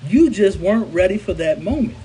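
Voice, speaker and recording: A man quoting a calm football coach. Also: high voice, fairly quick, a little hiss or hum. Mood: explaining. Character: calm, encouraging older male football coach.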